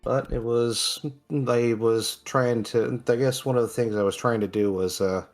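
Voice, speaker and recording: A man playing a tabletop game, narrating his character's actions in a laid-back, halting way. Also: mid-range voice, fairly even intonation, soft background music. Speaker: tabletop player. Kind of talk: casual role-play narration.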